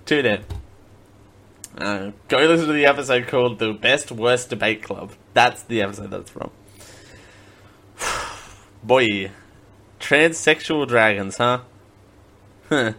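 A man's voice: medium pitch, slow pace, long pauses, bright, forceful tone. A man hosting a casual comedic live stream, laughing often and making silly mouth sound effects. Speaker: live-stream show host.

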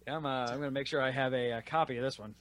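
A man's voice: mid-range voice, fairly even intonation, rapid-fire, fairly bright tone. A man hosting a casual group podcast, rambling through plugs and chat and swearing freely. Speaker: podcast host.

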